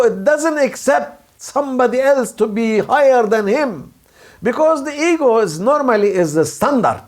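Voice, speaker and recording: A man delivers a sermon in plain, broken English. His voice sits high and swings widely as he acts out angry, proud voices, and he takes his time with each phrase. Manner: non-native English, simple broken grammar. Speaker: Sufi preacher.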